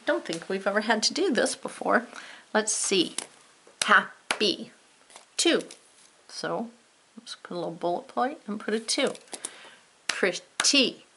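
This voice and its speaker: A woman's voice: mid-range voice, gravelly, fairly bright tone, slight background noise. A woman teacher giving a spelling lesson to children, playful and drawn out, with teasing asides.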